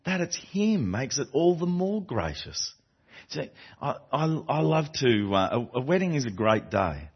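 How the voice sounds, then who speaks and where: A man delivers a sermon to a congregation in a slightly husky voice. His pitch rises and falls with lively emphasis as he repeats phrases and restarts lines. The recording is muffled and lo-fi. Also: a little slow. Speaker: preacher. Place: church before a congregation. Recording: dull lo-fi recording.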